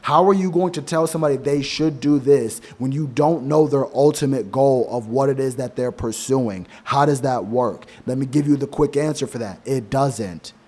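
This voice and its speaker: A man's voice: medium pitch, moderate pace, few pauses, darkish tone. A young adult man in a casual monologue of advice, blunt and profane, rambling through anecdotes with many restarts. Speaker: men's advice vlogger.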